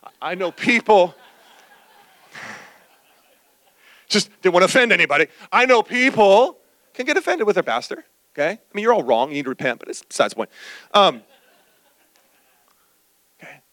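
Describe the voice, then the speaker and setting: Bright-voiced preaching man, dry sound. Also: high-pitched, moderate pace, pauses often, no echo. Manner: storytelling preacher, animated, acts out quoted voices. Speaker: pastor. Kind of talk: sermon.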